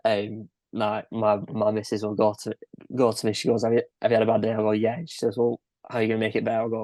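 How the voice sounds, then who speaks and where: A man's voice: fairly low pitch, completely flat delivery, quick pace, darkish tone, no room sound. A young man co-hosting a casual film podcast, laid-back and laughing often. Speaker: podcast co-host. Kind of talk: casual film-review chat.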